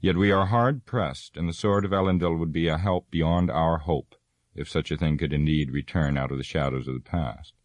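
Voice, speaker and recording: A man's voice: a bass voice, normal speed, no echo. A man voicing a proud, stern warrior lord in a fantasy reading.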